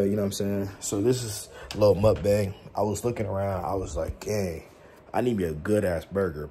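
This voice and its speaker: Young male vlogger, deep-ish and soft-toned, cocky and playful, talks loose street slang to camera. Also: slight background noise. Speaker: mukbang vlogger. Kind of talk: casual slangy vlog chat. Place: his bedroom lit with colored LED lights.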